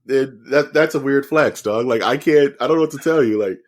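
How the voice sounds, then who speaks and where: A man's voice: mid-range voice, fairly quick. A man co-hosting a podcast in casual chat, teasing and slangy, calling his friend dude and dog. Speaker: podcast co-host.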